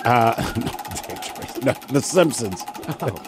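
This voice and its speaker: A man hosting a radio show, casual and joking with quick asides. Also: medium pitch, expressive, background noise.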